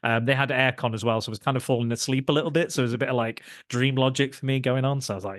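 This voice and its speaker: A man's voice: medium pitch, fairly even intonation, very fast, few pauses, no room sound, clean studio sound. A man co-hosting a podcast, telling stories and chatting about a film in a jokey, self-deprecating way. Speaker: podcast co-host. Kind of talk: casual film discussion.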